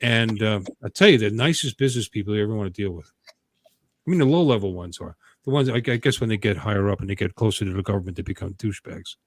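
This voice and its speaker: Rambling, jokey host on a dry mic. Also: male voice, fairly low pitch, fast talker, dry recording. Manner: rambling, jokey, self-interrupting. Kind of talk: casual livestream chat.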